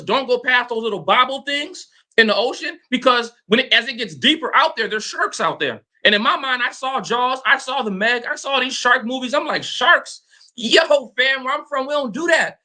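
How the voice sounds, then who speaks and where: A man with a high, strikingly bright voice tells a personal story as a motivational coach. He is dramatic and animated, and he keeps turning to address his listeners directly. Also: normal speed, hardly any pauses.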